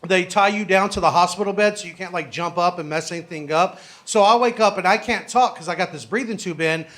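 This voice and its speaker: High-pitched young man, stand-up comedy, brash storytelling, salty punchlines. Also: a little fast, fairly bright tone.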